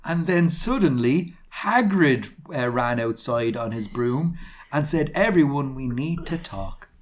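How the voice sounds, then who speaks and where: A man's voice: medium pitch, expressive, slow. A man co-hosting a casual podcast, reading fan fiction aloud in a mock-dramatic way, laughing and swearing often. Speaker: podcast co-host.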